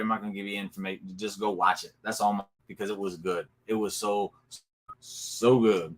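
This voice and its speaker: A man talks through a wrestling recap in a loose, excited way, piling on asides and retelling the action. His voice is bright and forceful. He sounds like he is streaming from a home computer mic. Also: fairly low pitch, a little fast, soft background music. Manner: excited, animated storytelling with laughs and asides. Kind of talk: casual solo recap talk.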